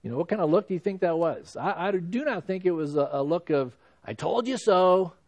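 A man's voice: on the high side, fast, dark tone. A male pastor giving a sermon in a conversational preaching style, with frequent "you know" asides.

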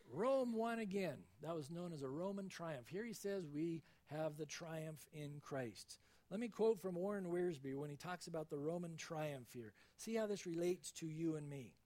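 A man preaching a sermon, reading scripture aloud and retelling stories with dramatic, expressive delivery. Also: high voice. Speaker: pastor.

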